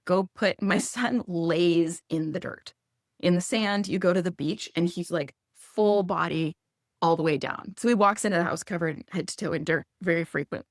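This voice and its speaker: A woman in her thirties speaking casually as a guest, chatty and animated, acting out quoted lines in a higher voice. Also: normal speed, dry recording, clean studio sound. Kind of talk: casual conversational advice.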